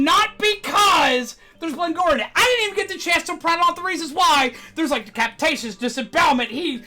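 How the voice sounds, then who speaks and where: A woman's voice: high voice, sharp tone. A woman hosting a game stream, ranting in casual chat, swearing freely and laughing between points. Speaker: streamer host.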